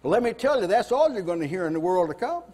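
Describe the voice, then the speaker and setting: A man preaching a sermon at a house church, fervent, his voice rising loud when he voices God and Moses. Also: sits high, big pitch swings, quick pace, big-room sound. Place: house church meeting room.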